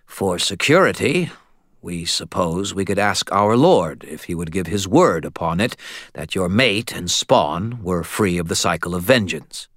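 A man voicing a coolly polite, formal male vampire envoy in an audiobook, measured and speaking in the royal we. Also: low-pitched, expressive, fairly bright tone, no room sound, studio quality, heavily acted. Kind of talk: audiobook character voice.

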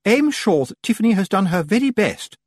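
A grand, gushing witch who drawls every word with lofty affectation, as a male narrator puts her on. The voice soars high and swoops dramatically, with a husky edge, recorded close and dry. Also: big pitch swings, a little mellow, no echo, heavily acted. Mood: pompous. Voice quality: falsetto, drawn-out and affected. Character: haughty pompous witch woman, gushing and grand.

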